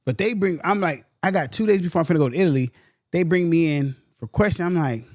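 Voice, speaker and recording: Young man, podcast host, fired-up storyteller, slightly high voice, dry close mic. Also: fast talker, dry recording. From San Antonio, Texas. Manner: animated, heated, slangy, says "bro" a lot. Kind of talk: casual storytelling.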